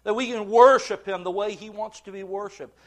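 Man, preacher, sermon, slightly high voice, emphatic swells, slow hushed drops, old-fashioned scripture reading. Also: steady tone. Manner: rising to emphatic swells then dropping low and slow.

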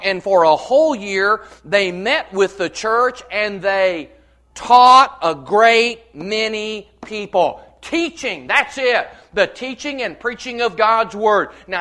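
A male pastor preaching a sermon, reading scripture with verse references and building to loud, repeated declarations. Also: high voice.

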